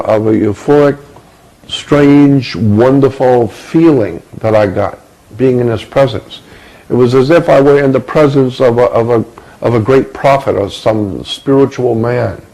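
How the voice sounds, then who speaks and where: A man telling a personal story from his youth, halting and repeating words as he searches for them. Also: medium pitch, mellow, rough recording.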